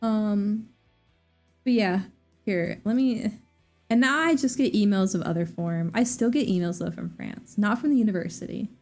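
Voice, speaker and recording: A woman's voice: medium pitch, normal speed, darkish tone, faint music behind. A young adult woman streaming, talking in a chatty, rambling way with sarcastic asides. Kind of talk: casual chat.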